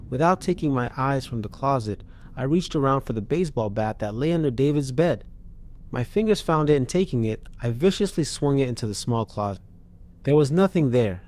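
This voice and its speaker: A man's voice: mid-range voice, darkish tone. A man narrating a first-person horror story in a tense, dramatic reading.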